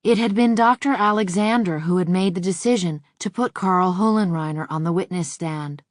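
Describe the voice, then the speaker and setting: Female audiobook narrator, steady scripted read, dry booth sound. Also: on the low side, normal speed, no room sound.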